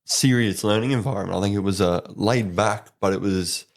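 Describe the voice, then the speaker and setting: A man's voice: on the low side, a little fast, creaky. A young man with an Australian accent, chatting casually as a podcast guest and laughing through his stories. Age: young adult. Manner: relaxed storyteller, laughs while telling stories. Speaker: guest, apprentice electrician. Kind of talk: casual interview chat.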